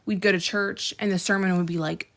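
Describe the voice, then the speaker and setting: A woman's voice: medium pitch, fairly even intonation, a little fast, a bit bright. A woman in her thirties telling her dating story in a distressed, searching way, repeating herself. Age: 30s. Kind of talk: confessional monologue.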